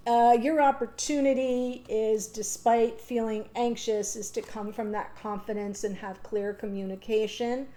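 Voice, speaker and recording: A woman with a fairly high, mellow, warm voice works through a tarot spread. She talks in an unscripted, reassuring way and pauses to think aloud with ums and restarts. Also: fairly even intonation. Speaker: tarot reader. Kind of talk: unscripted tarot reading monologue.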